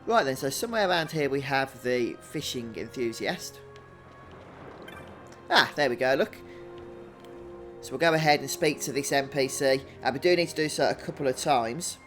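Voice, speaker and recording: A man hosting a video game walkthrough in a relaxed, chatty way, thinking out loud as he plays. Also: medium pitch, moderate pace, pauses often, soft background music. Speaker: gaming channel host.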